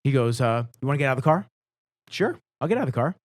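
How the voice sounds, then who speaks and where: Fast-talking casual male podcast host. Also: mid-range voice, no echo. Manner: fast, animated, swears freely. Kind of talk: casual storytelling.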